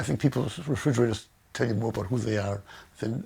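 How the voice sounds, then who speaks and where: A man's voice: medium pitch, quick pace, creaky, darkish tone, husky. An older man telling stories in a weak, unsteady voice that often stutters and repeats words, his speech affected by Parkinson's. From United States. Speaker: author and publisher. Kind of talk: personal storytelling to camera.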